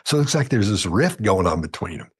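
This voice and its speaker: A man's voice: on the low side, big pitch swings, fast talker, husky. A man speaking as a podcast guest, telling a long story in a rambling, self-correcting way and acting out the quoted dialogue. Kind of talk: casual storytelling chat.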